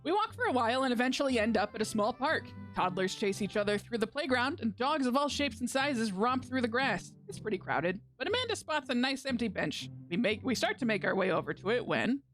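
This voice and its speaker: A playful woman streamer reading a dating game live and riffing on it, her voice sitting a bit high and swinging widely in pitch. She talks close to a desk mic. Soft game music runs underneath. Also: big pitch swings, fairly quick, few pauses. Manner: goofy, playful, self-mocking.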